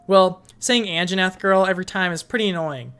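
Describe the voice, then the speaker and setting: A woman's voice: on the low side, a little fast, a bit bright, clear, resonant tone. A young woman streamer chatting casually and reading fanfiction aloud, swearing, giggling and rambling with many fillers. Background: faint music.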